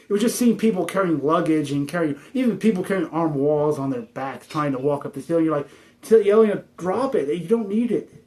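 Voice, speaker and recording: A man's voice: on the high side, a little mellow. A man giving a frustrated, rambling spiritual monologue full of swearing.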